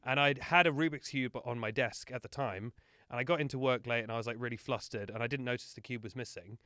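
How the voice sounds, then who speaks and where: A man's voice: medium pitch, fast, bright, forceful tone, dry recording, clean studio sound. A man, a podcast guest telling self-deprecating stories in casual chat. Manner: chatty storyteller, self-deprecating.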